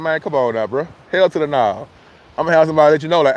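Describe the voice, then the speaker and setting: A high-pitched man in holds forth on a casual phone livestream outdoors. He is loose, profane and argumentative, calling out viewers by name and repeating his points. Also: lively intonation, fast. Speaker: livestream host.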